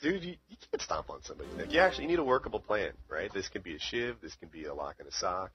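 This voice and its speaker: A man's voice: low voice, sing-song, fast talker, soft background music. A man telling a long story in casual chat, rambling with lots of fillers. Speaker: podcast co-host. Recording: dull lo-fi audio.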